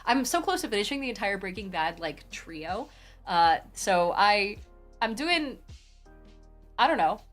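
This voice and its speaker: A young woman live streaming from her phone, chatting casually with viewers in a rambling, animated way and swearing freely. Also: medium pitch, measured pace, faint music behind. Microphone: phone mic.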